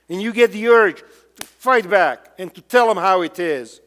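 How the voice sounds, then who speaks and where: Man, high voice, pastor's sermon, emphatic, rhetorical questions, long church-hall reverb. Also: moderate pace, fairly bright tone. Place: church sanctuary.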